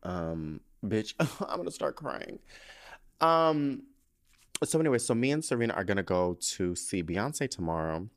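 Chatty man with a low, lively voice. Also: a little slow. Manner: chatty, rambling and emotional, swears freely. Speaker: podcast host. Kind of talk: casual solo podcast chat. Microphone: podcast microphone.

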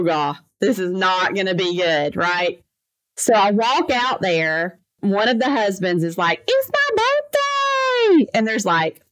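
Animated storytelling woman lawyer. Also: medium pitch, no echo, low-quality recording. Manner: animated, fast anecdotes with lively quoted voices. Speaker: trucking lawyer, podcast guest. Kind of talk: casual storytelling interview.

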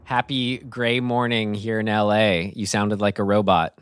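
A man's voice: lowish voice, little pitch movement, unhurried, smooth. A man co-hosting a podcast in casual chat, rambling and laughing at his own slips. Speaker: podcast co-host.

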